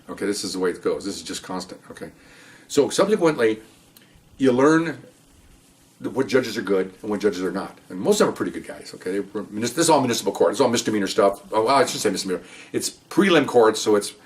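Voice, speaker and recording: An older man, a police officer, telling rambling stories in casual chat and often checking in with "okay?". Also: on the low side. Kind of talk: casual storytelling.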